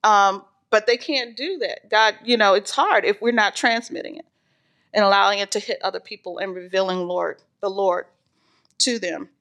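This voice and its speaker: Bright-voiced woman teaching a Bible class. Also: medium pitch, moderate pace. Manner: earnest, with frequent "um" fillers; reads scripture aloud, then explains it. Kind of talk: informal church Bible lesson.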